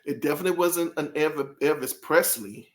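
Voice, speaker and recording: A man's voice: a little high, normal speed. A man hosting a casual album review, rambling and interrupting himself, often breaking into laughter and apologizing as he talks straight to his viewers. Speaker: music reviewer host.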